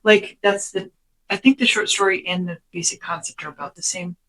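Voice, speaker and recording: A podcast co-host, animated and casual, sums things up from notes at medium pitch and a slightly fast pace. The recording is low quality, and now and then the host drops to a whisper for quoted lines.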